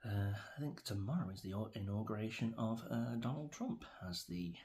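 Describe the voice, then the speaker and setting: Speaking straight to camera, a middle-aged English vlogger with a low, deep, darkish voice delivers a meandering, opinionated rant at a moderate pace. He hesitates, uses many fillers, restarts often, and drifts from one grievance to another, with a faint hiss beneath his voice.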